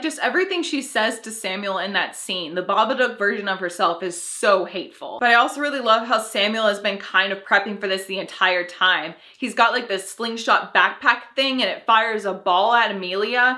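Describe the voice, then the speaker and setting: A woman's voice: medium pitch, pushed and bright. A woman hosting a casual horror movie review, gushing and giggling, with lots of "like" as filler.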